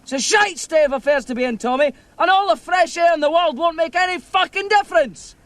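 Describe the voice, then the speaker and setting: An actor with a Scottish accent playing a bitter young man in a film, shouting scornful curses at his friends. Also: extremely high pitch, a little fast. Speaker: film character.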